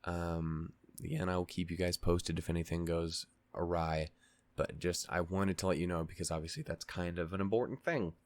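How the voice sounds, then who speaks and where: A man's voice: low-pitched, fairly even intonation, moderate pace, no echo. A man hosting a reaction channel, casually recapping a show in a rambling way, with lots of fillers, restarts and swearing.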